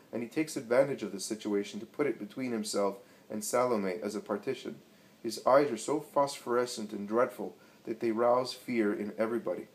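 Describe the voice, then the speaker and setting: A man narrating a religious story in a measured, dramatic reading. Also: mid-range voice, low-quality recording.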